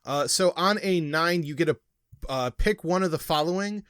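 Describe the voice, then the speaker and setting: A man's voice: a little high, moderate pace, fairly bright tone, no room sound, clean studio sound. A man narrating as game master of a tabletop wrestling game, hesitant and full of fillers.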